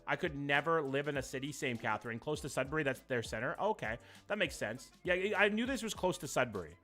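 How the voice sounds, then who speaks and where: A young man, doing live-stream commentary, reacting to chat in a jokey, profane, animated way. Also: on the high side, fast talker.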